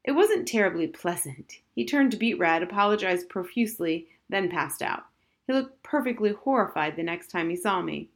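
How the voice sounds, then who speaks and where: A woman's voice: medium pitch, animated, normal speed, lightly acted. A woman voicing an airy, absent-minded mother who calls people dear, in a storybook reading. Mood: amused.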